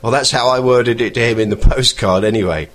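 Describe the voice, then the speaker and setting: A man hosting a podcast, chatting in a rambling way and pausing to search for words. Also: mid-range voice, fairly bright tone. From England. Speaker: podcast host. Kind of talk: casual podcast monologue.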